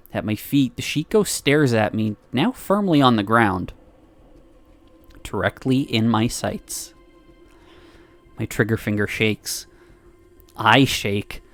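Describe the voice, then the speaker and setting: A man streaming, reading a visual novel aloud with expressive narration and laughing asides. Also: fairly low pitch, no echo.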